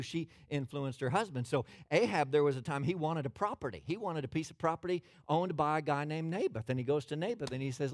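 A man preaching a sermon as pastor, folksy and animated, asking his listeners questions. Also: on the high side, no echo, clean studio sound.

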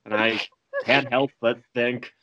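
A man's voice: medium pitch, steady tone, slow, bright, forceful tone, dull audio, slight background noise. A young man co-hosting a casual livestream chat, who teases his friend in a dry way. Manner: dry, teasing.

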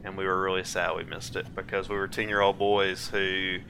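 A man in his twenties co-hosting a casual movie-review podcast, telling stories in an animated way and laughing often. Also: deep voice, moderate pace, creaky, slight background noise. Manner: animated storyteller who acts out quotes and laughs often. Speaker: podcast co-host.

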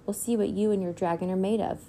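A woman's voice: medium pitch, steady tone, quick pace, warm tone, a little hiss or hum, natural voice. A woman reading the lines of a bossy young girl in a storybook who teases the others. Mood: mocking. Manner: teasing, mocking. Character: bossy, boastful young girl dragon trainee.

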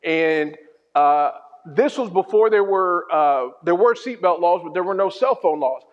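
A middle-aged man preaching a sermon, telling stories in an animated, humorous way. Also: high voice, measured pace. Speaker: pastor. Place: church hall. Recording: dull sound in a reverberant hall.

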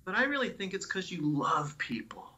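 A man who is an oncologist, speaking as a guest in a conversational interview, telling stories in an animated, expressive way. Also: sits high, normal speed. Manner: animated, expressive storyteller who acts out sounds and quotes.

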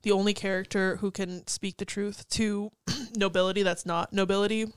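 A woman's voice: mid-range voice, flat delivery, normal speed, clean tone, no room sound, clean studio sound. A young woman co-hosting a podcast in casual chat, blunt and profane, laughing easily. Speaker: podcast co-host.

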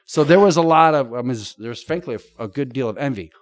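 A middle-aged man chatting casually about his improv days, spinning colorful comparisons laced with swearing. His voice sits at a middling pitch and sounds dry and close, with no room around it. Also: fast, no room sound. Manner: vivid, profane storytelling with colorful comparisons. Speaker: podcast guest. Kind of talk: casual chat.

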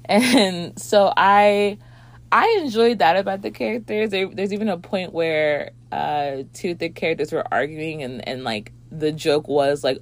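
A woman's voice: low-pitched, measured pace. A woman reviewing a movie in a rambling casual chat, with lots of fillers and swearing.

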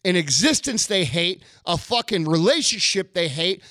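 A man's voice: high voice, big pitch swings, moderate pace, pushed and bright, no echo, clean studio sound. Profane, confrontational man ranting. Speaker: podcast host. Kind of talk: ranting monologue.

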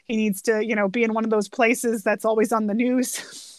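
Chatty woman with a higher voice. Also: level tone, normal speed, no echo. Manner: chatty, laughs often, acts out quoted lines. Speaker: podcast co-host. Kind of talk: casual chat reviewing a film.

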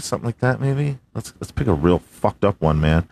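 A man's voice: on the low side, very animated, slow pace, gravelly, fairly bright tone. A man hosting a casual solo podcast, swearing a lot, laughing, and fumbling through hard names. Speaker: podcast host.

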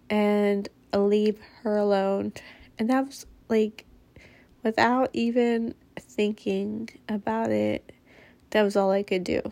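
A woman recounting a story in a relaxed, unhurried way, her voice carrying a gravelly fry. She is blunt and candid and does not hold back on swearing. The sound is close and dry, with no room echo. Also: medium pitch. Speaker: mother telling a personal story. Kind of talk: casual spoken storytelling.

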